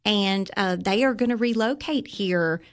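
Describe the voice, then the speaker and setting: A woman's voice: mid-range voice, measured pace. A woman with a Southern US accent, a visitors' bureau guest telling upbeat stories in a casual interview. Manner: animated storyteller, upbeat and chatty.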